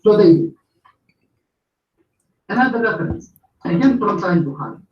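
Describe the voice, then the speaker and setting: A man calling into a debate, reading out references in a halting way with many filler sounds. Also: sits high, big pitch swings, slight background noise. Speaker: debate caller. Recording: distant echoey muffled call audio.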